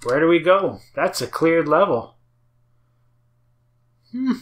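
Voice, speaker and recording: A woman's voice: low-pitched, big pitch swings, takes it slowly. A woman giving casual, wry commentary as she plays a game, muttering to herself and the viewers. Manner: wry, muttering to self while playing. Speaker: game streamer.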